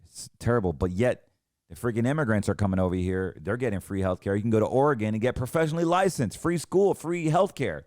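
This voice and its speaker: A man with a low voice hosts a finance show and vents in heated, emphatic commentary, stumbling over restarts as he goes. The sound is dry and close, with almost no room around him. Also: expressive, quick pace, darkish tone, no room sound. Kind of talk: ranting commentary.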